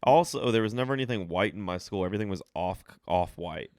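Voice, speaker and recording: A man's voice: sits low, lively intonation, fast, darkish tone, no echo, clean studio sound. A laid-back, wry man co-hosting a podcast in casual chat. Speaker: podcast co-host.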